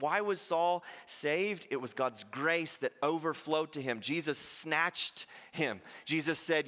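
Preaching a sermon, a male pastor speaks in a high, bright, forceful voice and shifts into the voices of people he quotes with animated energy. Each phrase trails off into a long hall reverb.

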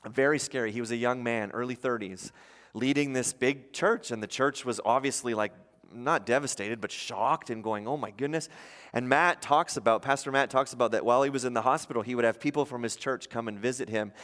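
A man's voice: medium pitch, brisk, a bit bright. Emphatic male pastor in a reverberant hall. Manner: emphatic, earnest preaching with rhetorical questions. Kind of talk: sermon.

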